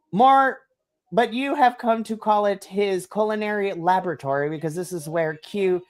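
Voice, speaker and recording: A woman's voice: medium pitch, darkish tone. A woman narrating a tabletop game as game master, rambling with lots of fillers and giggles.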